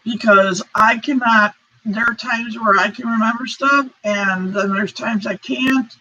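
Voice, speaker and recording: Slow, apologetic woman chatting on a live stream. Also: a little high, steady tone, pushed and bright, slight background noise. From United States. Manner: apologetic, rambling, reads chat aloud. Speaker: crochet channel host. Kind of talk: casual live-stream chat. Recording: dull lo-fi stream audio.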